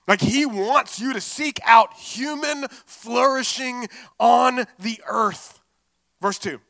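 Bright high-voiced preaching man. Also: no room sound. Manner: expressive preaching, casual asides with "like" and "right?". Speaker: pastor. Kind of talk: sermon.

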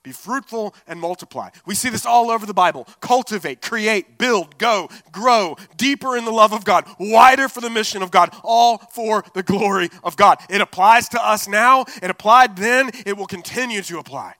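Preacher, male, high bright voice, lively and conversational, dry close mic. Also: moderate pace, hardly any pauses, dry recording. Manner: expressive preaching, casual asides with "like" and "right?". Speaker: pastor. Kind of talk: sermon.

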